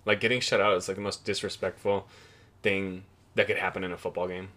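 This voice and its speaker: A man's voice: low-pitched, level tone, a little fast, pushed and bright. A young man hosting a casual solo football podcast, rambling and offhand with plenty of swearing. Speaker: podcast host.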